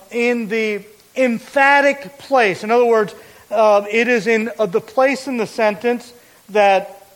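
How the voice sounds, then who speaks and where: Man preaching, very high voice, slow deliberate delivery, repeats points for emphasis. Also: low-quality recording. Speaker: pastor. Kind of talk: sermon.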